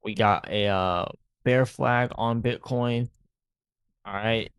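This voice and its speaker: A man with a lowish, gravelly voice, hosting a crypto channel. He talks in loose, rambling commentary and checks in with "right?" again and again. The sound is dry and close, with no room around it. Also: steady tone, slow pace, no echo. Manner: rambling, repeats "right?" often. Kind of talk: casual market commentary.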